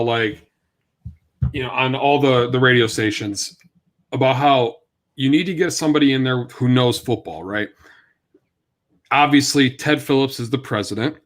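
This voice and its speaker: A man co-hosting a sports talk show, mostly chiming in with short agreements and questioning the team's bosses. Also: medium pitch. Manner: short agreeing interjections, then incredulous.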